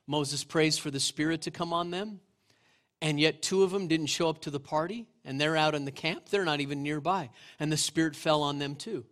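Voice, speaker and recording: Conversational man preaching, slightly high voice. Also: moderate pace. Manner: conversational, asks the congregation questions; retells scripture as lively storytelling. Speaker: pastor. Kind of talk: sermon. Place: church sanctuary.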